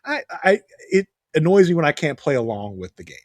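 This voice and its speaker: A man's voice: on the high side, very animated, fairly quick, no echo. A man guesting on a podcast, chatting casually and animatedly, often exasperated and mimicking people. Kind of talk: casual recap chat.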